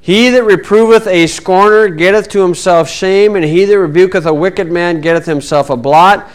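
A man's voice: high-pitched, normal speed. A man teaching the Bible in a folksy sermon style, with sarcastic asides and mocking voices.

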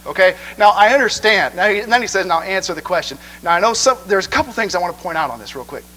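Animated man preaching a sermon. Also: high voice, fast, rough recording. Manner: animated, asks the crowd 'okay?' a lot.

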